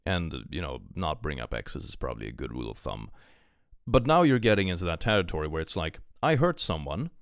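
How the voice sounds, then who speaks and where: Deep-voiced man ranting on stream. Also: sing-song, fairly quick, gravelly, no room sound, clean studio sound. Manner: reads posts aloud then rants about them, swears freely. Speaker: streamer reacting to online posts. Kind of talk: casual live-stream commentary.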